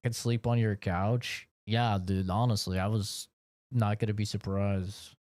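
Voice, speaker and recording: A man's voice: fairly low pitch, fairly even intonation, unhurried, a little mellow, dry recording, studio quality. A man from the United States streaming from his home office, rambling in a casual, profane rant. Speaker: game streamer. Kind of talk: casual chat while streaming.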